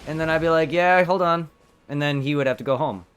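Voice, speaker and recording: A man's voice: on the high side, racing, clear, resonant tone. Rambling young man streamer. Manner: rambling, storytelling with restarts. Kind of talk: casual chat while gaming.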